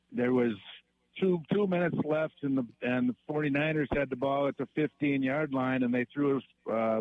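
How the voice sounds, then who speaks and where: A male caller comes through a thin, phone-like line. He lays out game details methodically at a middle pitch. His tone is conversational and he stays focused on the point. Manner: detailed, methodical, play-by-play recounting. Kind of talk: sports radio call-in.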